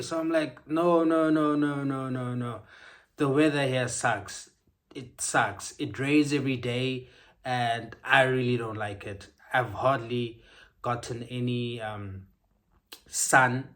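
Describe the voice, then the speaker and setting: A man's voice: fairly low pitch, a bit bright. A young man, chatting casually and upbeat to his vlog audience. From South Africa. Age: young adult. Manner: chatty, upbeat, frequent ums. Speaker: vlogger.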